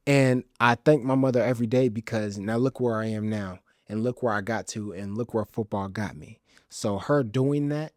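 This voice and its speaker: A young man from the Chicago suburbs hosting a podcast, telling stories in an animated, casual way and playing them up for laughs. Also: medium pitch, brisk, no echo, clean studio sound. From Chicago's South Side suburbs, Illinois. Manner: animated, comic exaggeration, casual slang. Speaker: podcast host. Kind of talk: solo storytelling monologue.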